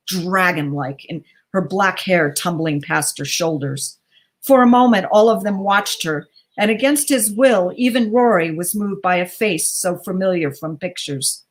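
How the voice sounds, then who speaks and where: A woman narrates literary fiction aloud in a measured, even delivery. Her voice sits a little on the low side, steady for a theatre's live-streamed reading. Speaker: reader. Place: local theatre livestream.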